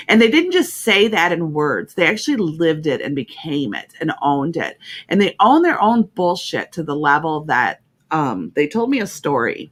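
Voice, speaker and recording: A woman's voice: deep voice, very animated, normal speed. A woman hosting an internet radio talk show, speaking in a heartfelt, emphatic way and often repeating herself.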